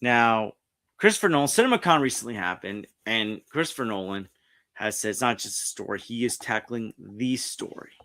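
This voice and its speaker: A man's voice: fairly low pitch, animated, normal speed, pushed and bright. A man hosting a casual pop culture stream, reading articles aloud and rambling with frequent restarts. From New York. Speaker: streamer host. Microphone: streaming setup mic.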